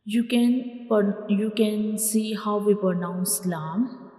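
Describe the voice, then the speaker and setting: Slow, patient woman teaching letters. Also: mid-range voice. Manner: patient, repeats each letter sound loudly for learners. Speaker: Quran reading teacher. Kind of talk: slow step-by-step letter lesson. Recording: echoey room with long reverb.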